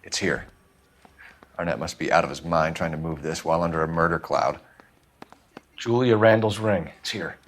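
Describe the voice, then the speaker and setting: An actor playing a terse young detective. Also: male voice, low-pitched, moderate pace, pauses often, lightly acted. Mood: calm, clipped. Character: stern young male police detective.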